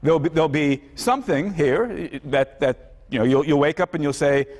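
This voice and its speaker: High-voiced male lecturer in a hall. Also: moderate pace, a little mellow. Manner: conversational, acts out examples in voices. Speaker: university lecturer. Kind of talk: classroom lecture.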